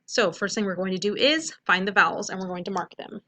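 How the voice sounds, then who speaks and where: A woman teaching a recorded phonics lesson, walking through each step clearly and checking in with "okay?" after each point. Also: mid-range voice, lively intonation, fairly quick, few pauses, bright, forceful tone.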